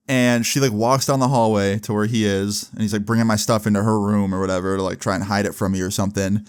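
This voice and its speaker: A man's voice: on the low side, fairly even intonation, fast, few pauses, clear, resonant tone. A young man casually telling a story to camera, exasperated and swearing freely. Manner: profane, exasperated retelling. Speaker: storytelling vlogger.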